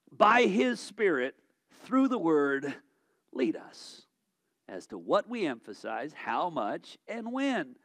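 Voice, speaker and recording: Animated high-voiced preaching man. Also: no room sound. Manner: conversational preaching with frequent restarts and rhetorical questions. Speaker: pastor. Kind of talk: sermon.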